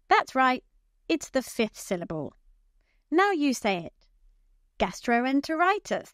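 A woman teaching medical English pronunciation, speaking slowly and enunciating each term clearly. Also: sits high, no echo, clean studio sound. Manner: slow, clearly enunciated, instructive. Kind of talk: pronunciation lesson.

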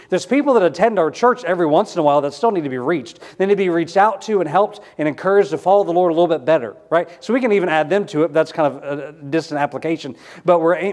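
A man's voice: on the high side, a little mellow. A man in his thirties, a pastor preaching a sermon in a conversational way, often asking the congregation questions.

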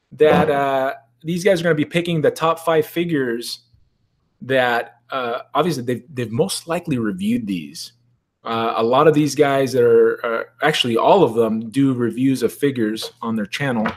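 A man chatting casually on a live stream at his desk at home, joking and greeting viewers in the chat. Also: medium pitch. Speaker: toy collector hosting a live stream.

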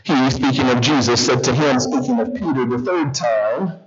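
A medium-pitched man speaking at normal speed preaches a sermon as guest pastor, animatedly and repeatedly questioning his congregation. The recording, made in the church, is slightly dull, and the congregation comes through.

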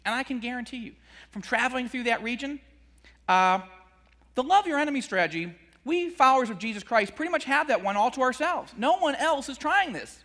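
A man's voice: a little fast, vocal fry, in a large hall. A man giving a conversational sermon on scripture, acting out the disciples' complaints and chuckling between points. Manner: animated, acts out disciples' complaints with a jump in pitch. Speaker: Christian speaker teaching scripture.

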